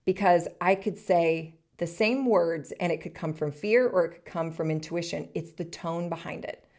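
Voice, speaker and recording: Earnest woman podcast host in her thirties, low voice, encouraging solo monologue. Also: moderate pace. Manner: earnest, encouraging, speaks in short soft phrases.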